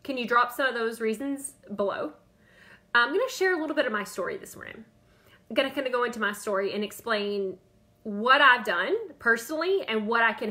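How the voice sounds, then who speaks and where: A woman's voice: medium pitch, pushed and bright. A woman in her thirties or forties, talking on a live stream as a diet coach, chatty and repeating herself, calling out viewers by name. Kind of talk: Facebook Live talk.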